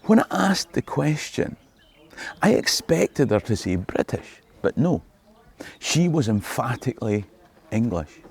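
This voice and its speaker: A man's voice: medium pitch, vocal fry, darkish tone, slightly rough. A middle-aged Scottish man, a history tour guide, delivering a scripted video monologue in a wry, joking way. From Scotland.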